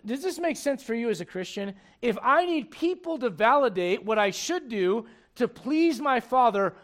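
High-voiced emphatic preacher man. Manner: emphatic, conversational preaching with rhetorical questions. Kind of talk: sermon.

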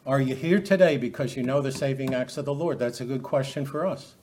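A man's voice: mid-range voice, a little fast, darkish tone, slight background noise. A middle-aged man preaching a sermon, emphatic and full of rhetorical questions.

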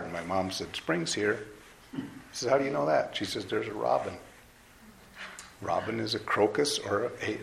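A man's voice: on the low side, gravelly, a bit bright. A man preaching a sermon to a live audience in a conversational way, asking them questions. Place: hall with an audience. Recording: roomy hall, faint noise.

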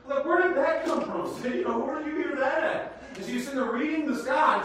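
A man preaching a sermon in a church, swinging from low, quiet passages to shouted, repeated lines. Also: fairly quick, hardly any pauses. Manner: dramatic, swings from low murmurs to shouted repetition. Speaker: pastor. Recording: very echoey hall, voice far from mic.

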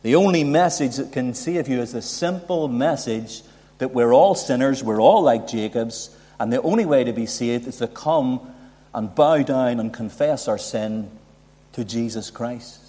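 A man's voice: medium pitch, a little slow, dark tone. A man preaching a sermon, building emphasis and asking rhetorical questions. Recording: long hall reverb.

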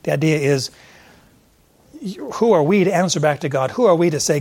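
A man's voice: a little high, expressive, brisk, a little mellow. A man with a slightly raised voice preaching verse by verse. He talks it through conversationally, searching aloud for verse numbers with fillers and now and then turning to ask a listener questions directly. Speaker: pastor. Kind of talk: expository sermon.

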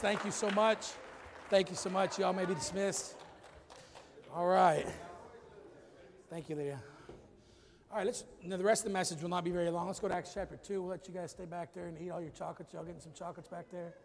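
In a church sanctuary, a man delivers a casual, joking sermon, using a puzzle as an object lesson and saying "y'all" in a folksy way. His high-pitched voice is brisk with vocal fry and fairly even intonation, heard in a reverberant church hall.

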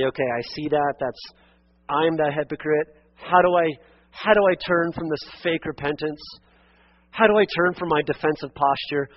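A man with a husky, slightly breathy voice preaches a sermon in a church. He is earnest and exhorting, swinging between emphatic peaks and quiet, intimate asides. The recording sounds dull and lo-fi. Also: fairly high pitch. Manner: addresses listeners as friend and beloved. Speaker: pastor. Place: church sanctuary.

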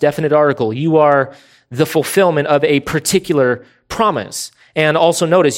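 A man preaching an expository sermon, emphatic and deliberate, slowing down to stress key words. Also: fairly high pitch. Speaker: pastor.

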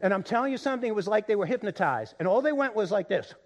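Rapid-fire, a pastor preaches with swings from loud excitement to quiet, low emphasis, stacking repeated words as his point builds.

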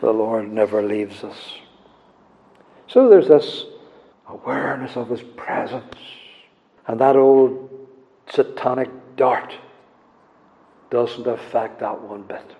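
A man preaching a sermon, building to loud, emphatic passages and then falling very soft, with slow, deliberate delivery and scripture quotations. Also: medium pitch. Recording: dull lo-fi sound with long hall reverb.

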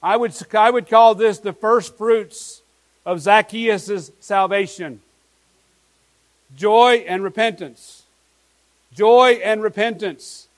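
A man's voice: sits high, slow, long pauses, poor audio. A pastor preaching an earnest sermon to his congregation, asking his listeners many questions.

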